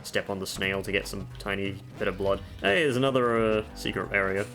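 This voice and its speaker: A gaming video creator with a fairly low voice talks fairly quickly into a desk microphone at home, with music in the background. He chats casually through game tips and makes offhand, self-mocking jokes.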